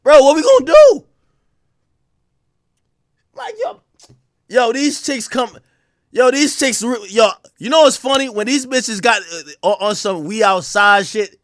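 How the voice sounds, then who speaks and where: A man streaming live, ranting to his chat in a crude, animated way that bursts into shouting. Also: extremely high pitch, unhurried, long pauses, no echo, clean studio sound.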